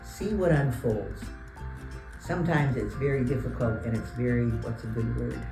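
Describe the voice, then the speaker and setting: A woman, a religious sister, giving reflective advice to young people, pausing to search for words. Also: rumbling low. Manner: thoughtful, pauses to search for words. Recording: echoey room with music behind.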